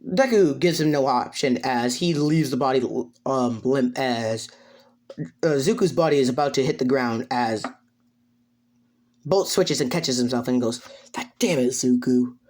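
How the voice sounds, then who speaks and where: A woman's voice: rumbling low, measured pace, darkish tone. A woman improvising a fan story, narrating hesitantly with many fillers.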